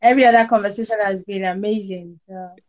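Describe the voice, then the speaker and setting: A woman chatting casually as a podcast guest, telling lively stories. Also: quick pace, muffled recording. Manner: animated storytelling, jumps high when quoting others. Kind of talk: casual chat.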